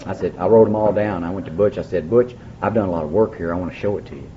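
A man's voice: low-pitched, fast talker, noisy background. A man speaking at a recovery meeting, telling his story in a folksy way with dry humor. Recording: dull lo-fi recording, faint background.

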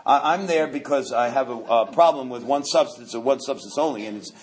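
A man's voice: medium pitch, fairly quick. New man telling his recovery story. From New York. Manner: animated, joking, repeats words as he restarts. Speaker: recovery meeting speaker. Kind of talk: storytelling talk at a recovery meeting.

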